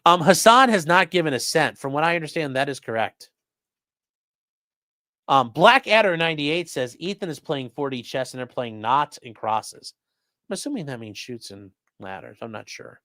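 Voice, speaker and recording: A man's voice: fairly high pitch, expressive, normal speed, sharp tone, no room sound, clean studio sound. A man doing mocking, sarcastic live-stream commentary while reading chat, swearing often.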